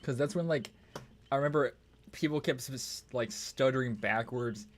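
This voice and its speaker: A man's voice: mid-range voice, normal speed, slight background noise. A man streaming a game, chatting in a loose, rambling way and swearing often. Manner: rambling and profane, full of "it's like". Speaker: gaming streamer. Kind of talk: casual gaming stream chat.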